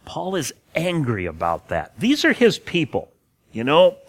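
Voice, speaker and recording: A man's voice: fairly high pitch, wildly swooping pitch, a little slow. A man teaching a passage of scripture in an earnest way, stressing key words and sometimes restarting phrases. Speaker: preacher. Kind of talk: expository Bible teaching.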